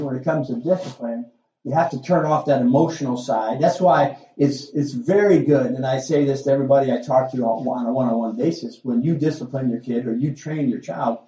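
A man's voice: mid-range voice, warm tone, echoey room, muffled recording. A middle-aged male pastor preaching a sermon in a folksy, conversational way, full of asides and rhetorical questions.

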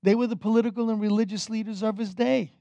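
A man preaching a sermon as pastor, energetic and conversational, with casual fillers. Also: high-pitched, quick pace, creaky, no room sound, muffled recording.

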